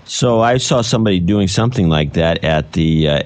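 A man with a very deep voice co-hosts a podcast in a casual chat. He tells anecdotes with a dry, wry humor. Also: lively intonation, brisk. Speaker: podcast co-host.

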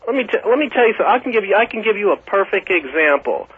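A man on a call-in line argues hard, repeating his openings to hold the floor. His voice sits a bit high and comes through a tinny, narrow phone line. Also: expressive, racing, breathy edge. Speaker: caller. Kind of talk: heated call-in debate. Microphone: telephone.

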